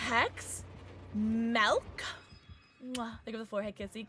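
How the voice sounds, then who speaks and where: A young woman is livestreaming a game, chatting casually with her viewers in a slow, slightly rough, higher-pitched voice full of pauses. She's excitable and shrieks at sudden scares, then turns chatty and apologetic as she keeps up her live commentary.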